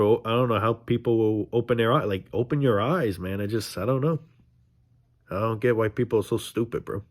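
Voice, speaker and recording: Young male vlogger, low voice, rambling frustrated rant, casual and profane. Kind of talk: casual monologue to camera.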